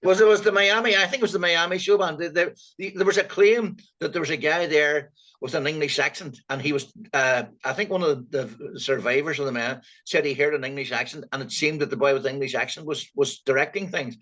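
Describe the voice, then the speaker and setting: A man with a Donegal accent, co-hosting a casual political chat, animated and colloquial. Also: on the high side, fairly quick. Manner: animated, colloquial, lots of fillers. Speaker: co-host. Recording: dull lo-fi sound.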